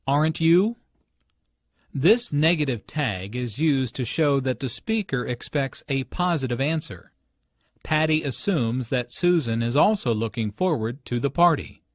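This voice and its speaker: A man of middling pitch explains pronunciation points slowly and deliberately. His intonation is lively, and he leans on stressed words, recorded dry and close in a studio. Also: no echo. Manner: slow, deliberate, clearly enunciated. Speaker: lesson narrator and dialogue reader. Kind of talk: scripted language-lesson narration.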